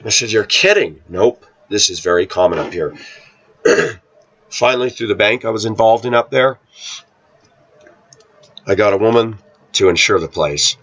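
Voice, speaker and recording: A man talking casually to his viewers, telling a rambling personal story and often clearing his throat. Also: on the low side, lively intonation, moderate pace, long pauses, a bit bright, highs cut off. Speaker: vlogger. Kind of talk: casual monologue to camera.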